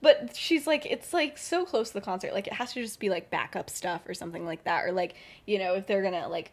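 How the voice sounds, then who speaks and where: A woman's voice: mid-range voice, brisk. A young woman casually retelling a story on a podcast, full of fillers and acted-out lines. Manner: rambling, filler-heavy, acts out characters with laughs. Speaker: podcast co-host.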